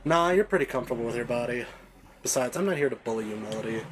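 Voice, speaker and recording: A sarcastic mirror-image young woman who picks apart her other self, as a man voices her on stream. The taunting is dry and mocking at a mid pitch. Game music plays clearly underneath. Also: expressive, fast, lightly acted, poor audio. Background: game soundtrack music.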